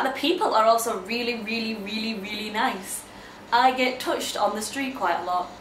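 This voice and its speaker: Young woman, vlogger, casual chat, bubbly, slightly high voice, echoey room. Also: a bit bright, slight background noise. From England. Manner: chatty and bubbly, full of fillers and exclamations. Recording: roomy echo.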